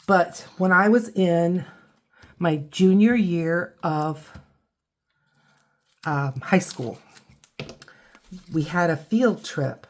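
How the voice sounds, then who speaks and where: An older woman talks through a craft project in a low, unhurried voice. She chats and rambles, stops to correct herself, and keeps a friendly, easygoing tutorial tone. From Ohio and Michigan, USA. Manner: chatty, rambling, self-correcting. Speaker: craft channel host. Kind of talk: casual craft tutorial chat.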